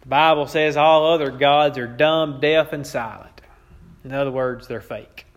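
A man's voice: fairly high pitch, fairly even intonation, measured pace, lo-fi sound. A man preaching a sermon, with an emphatic, repetitive cadence and a touch of wry amusement. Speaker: pastor.

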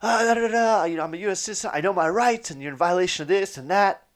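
A man voicing his angry older grandfather, raising his pitch into a heated, defiant outburst. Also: rapid-fire, close to an everyday voice.

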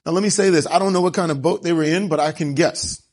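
Male pastor, lively sermon delivery, voice a bit higher than most men. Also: quick pace. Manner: animated storytelling with rhetorical questions.

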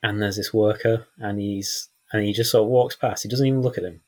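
Man, guest on a chat podcast, very low husky voice, chatty, laughs a lot. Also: steady tone, brisk. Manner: chatty, laughs often, acts out lines from films. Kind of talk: casual film chat.

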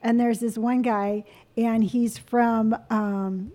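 A woman's voice: a little high, little pitch movement, warm tone. A woman co-hosting a podcast, chatting casually and teasing her friends. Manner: playful, teasing, quick bursts. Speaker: podcast co-host.

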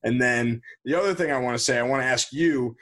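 A man's voice: medium pitch, brisk, a bit bright. Easygoing male sports podcast host. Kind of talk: casual sports chat.

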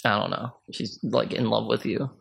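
A man's voice: lowish voice, steady tone, normal speed, creaky, fairly bright tone, breathy edge. A man in casual podcast chat, blunt and crude, swearing freely as he gives his opinions. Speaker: podcast co-host.

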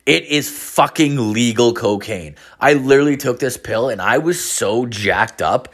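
A hungover man in his late thirties, unhurried and fairly bright in tone with a medium-pitched voice, spins a casual, rambling monologue. The story, thick with profanity, is about drunk calls and hangovers.

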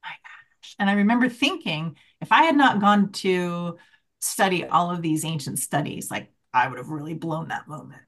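A middle-aged woman telling lively stories in a casual interview, laughing often and acting out quotes in a higher voice. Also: moderate pace. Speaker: guest, shaman teacher. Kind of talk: casual conversational storytelling.

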